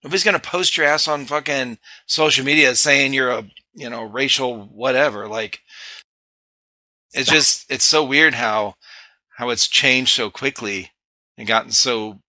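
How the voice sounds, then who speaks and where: Bright, blunt male podcast host. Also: mid-range voice, measured pace, no room sound. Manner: blunt, profane, laid-back. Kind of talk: casual chat.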